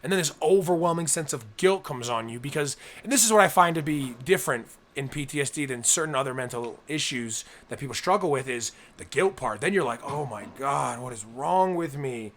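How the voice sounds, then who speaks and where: A man's voice: a little high, animated, fairly quick, few pauses, a bit bright. A young man co-hosting a casual podcast, talking earnestly and at length, acting out people's inner thoughts as he goes. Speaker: co-host.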